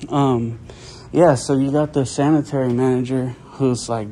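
A man's voice: mid-range voice, steady tone, unhurried, warm tone, a little hiss or hum. A man filming inside a public office, arguing with staff and repeating his questions. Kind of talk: confrontational auditor video.

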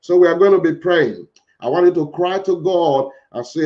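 A man leads a congregation in fervent prayer, repeating his pleas like a chant and breaking into tongues. His voice sits a little high for a man. The recording is dull and lo-fi. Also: normal speed, darkish tone. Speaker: pastor.

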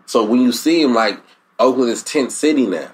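Animated Bay Area man hosting a podcast. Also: mid-range voice, normal speed. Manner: slangy, animated, laughs often. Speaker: podcast host. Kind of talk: casual podcast chat.

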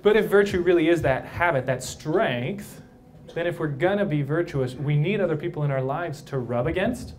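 A man's voice: on the high side, moderate pace, a little hiss or hum. A man, a priest, giving a casual, playful talk to a live crowd of young adults at a brewery, often checking in with the audience by asking "right?".

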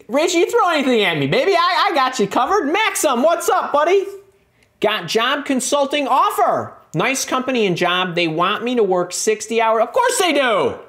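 A middle-aged man hosting a live career-coaching stream, answering viewer comments in an animated, emphatic way with frequent repeated words and restarts. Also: mid-range voice.

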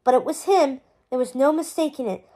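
A woman reads a chapter book aloud in a bright, high voice. Her narration is expressive and lively, keeping the story moving between the characters' lines. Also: fairly quick. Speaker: storybook reader.

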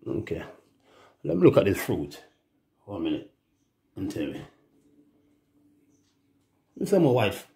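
A man's voice: on the low side, gravelly, a little mellow. A Jamaican man in a rambling, profane casual monologue, breaking into laughing asides. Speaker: musician.

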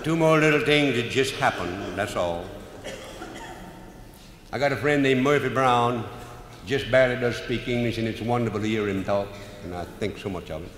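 A man's voice: mid-range voice, normal speed, fairly bright tone. A man with a Cajun accent telling comic stories live in a folksy drawl. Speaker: humorous storyteller. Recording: roomy live hall recording, faint noise.

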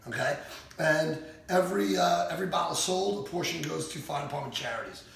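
A man's voice: fairly high pitch, a little fast, vocal fry, fairly bright tone, a little hiss or hum. A man hosting a live cooking show, upbeat and jokey, chatting while he eats. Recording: echoey room from far off.

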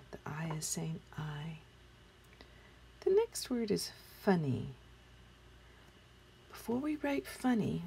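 A woman's voice: medium pitch, creaky, dark tone, slight background noise. A woman teaching a spelling lesson to young children, patiently sounding out words and asking the class questions, sometimes dropping into a whisper. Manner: sometimes drops into whispers while writing.

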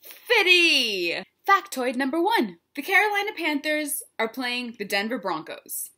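Bright, playful high-voiced young woman. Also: sing-song, a little slow. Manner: playful, jokey, breaks into sung bits and shouts. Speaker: vlogger. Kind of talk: comedic explainer vlog.

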